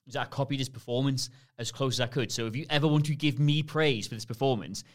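Guy guesting on a movie podcast, talks fast, jokey storyteller. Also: medium pitch. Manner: quick-talking, joking anecdotes. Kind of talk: casual film podcast chat.

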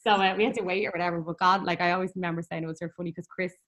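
A woman's voice: fairly low pitch, steady tone, rapid-fire, fairly bright tone. A young woman with an Irish accent recounts her story as an interview guest in an easy, chatty way. Her talk runs on with fillers, and she breaks into laughter often.

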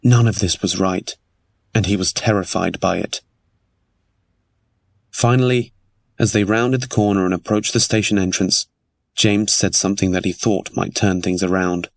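A man reading a novel aloud in measured, steady narration. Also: low-pitched, gravelly, no echo. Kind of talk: scripted audiobook narration.

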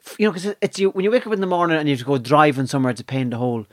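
An Irish speaker telling lively, swearing anecdotes in a casual podcast chat. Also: mid-range voice, very fast, no room sound, studio quality.

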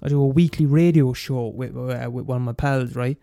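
A man's voice: mid-range voice, brisk, gravelly, no echo, studio quality, faint music behind. A young man in his twenties with an Irish accent, ranting casually and cursing freely. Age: 20s. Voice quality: sweary, animated rant. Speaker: student radio host. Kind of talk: casual monologue.

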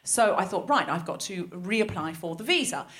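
An Australian woman around forty performs a stand-up set before a live audience, animatedly telling a story and acting out the people she quotes. She is a comedian and host with a fairly low, lively, slightly bright voice at normal speed.

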